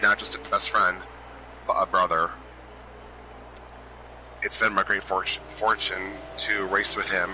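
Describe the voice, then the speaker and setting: A man giving an emotional hall of fame induction speech, halting and restarting as he loses his train of thought. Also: low voice. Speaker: inductee presenter. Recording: loud background noise.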